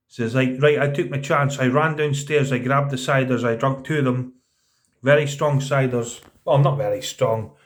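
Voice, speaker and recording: Man, thirties, vlog storytelling, earnest, halting, repeats words, mid-pitched voice. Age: 30s. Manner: earnest, halting, repeats words, often drops into a quiet voice for quoted speech. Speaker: vlogger telling a personal story. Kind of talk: casual spoken storytelling.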